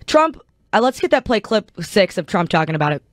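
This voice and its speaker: A woman hosting a radio talk show, chatting playfully and reacting quickly to her guest. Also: medium pitch, big pitch swings, no echo, clean studio sound. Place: radio studio.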